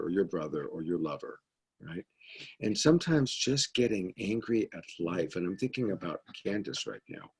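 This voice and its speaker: Male love coach, low and husky, earnest and chatty, drops into quiet asides, video call sound. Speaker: love coach leading a mentorship group. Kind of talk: casual teaching on a video call.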